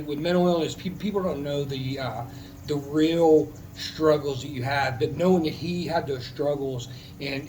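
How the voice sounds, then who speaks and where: Man, veteran telling a story, casual and heartfelt, rambling with restarts, slightly high voice, faint ambient noise. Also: darkish tone, poor audio.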